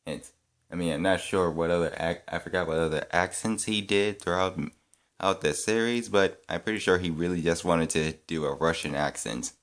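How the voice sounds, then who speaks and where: Very deep-voiced halting man. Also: fairly even intonation. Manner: halting, many restarts and fillers; thinking aloud, unsure. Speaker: fan reviewer. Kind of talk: casual opinion vlog.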